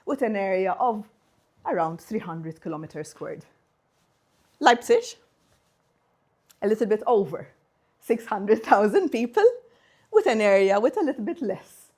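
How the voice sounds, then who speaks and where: Lady lecturing, bouncy up and down voice, jokey teacher vibe. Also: mid-range voice. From Malta. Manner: playful, drilling the audience in phrases. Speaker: guest speaker. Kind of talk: university seminar talk.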